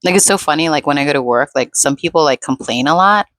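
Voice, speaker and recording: A woman's voice: low-pitched, a little fast, hardly any pauses, a bit bright, no echo. A woman vlogger rambling in a laid-back, unscripted monologue, full of fillers.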